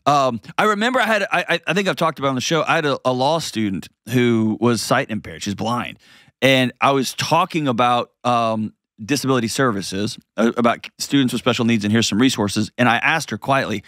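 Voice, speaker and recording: A man's voice: medium pitch, no echo. Guy hosting a call-in advice show, dry close mic, jumps into stories, lots of restarts. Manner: animated, storytelling, frequent restarts and quick asides. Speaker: host giving advice.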